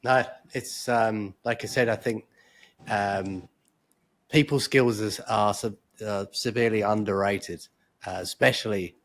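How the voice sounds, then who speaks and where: Man, host, lowish voice, halting, restarting phrases. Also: steady tone. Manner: halting, repeats words, many restarts. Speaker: interview host. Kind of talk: interview questions.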